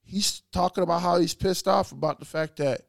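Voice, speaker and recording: A man co-hosting a podcast in casual chat, cursing a lot, animated, often repeating words as he restarts. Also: sits high, fairly quick, no echo, studio quality. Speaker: podcast co-host.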